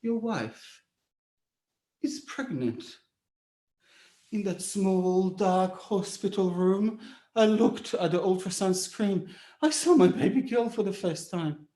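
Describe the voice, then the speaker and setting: At a speech contest, a high-pitched man tells a dramatic story with expressive, theatrical flair and deliberate pauses. The recording carries the echo of a large hall.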